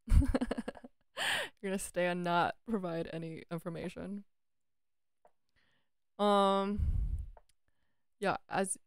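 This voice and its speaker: A woman's voice: lowish voice, gravelly, no echo. Female chess streamer, casual self-talk, clean dry voice. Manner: chatty, self-talking, swears playfully; breaks into sung lines.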